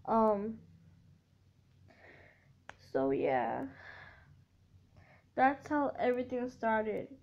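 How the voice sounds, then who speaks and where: A young woman with a high voice speaks slowly through an emotional storytime confession. She falters and restarts, tearful and heartfelt, on a dull, lo-fi recording. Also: a little mellow. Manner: halting and repetitive, with many restarts and fillers. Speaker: vlogger.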